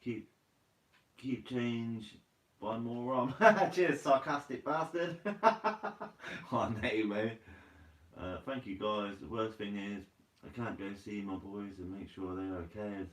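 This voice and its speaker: A man's voice: fairly low pitch, slow pace, recorded from a distance. A man hosting a fishing channel live stream, reading viewer comments aloud in a casual, chatty way and calling people mate. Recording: roomy, from away from the mic.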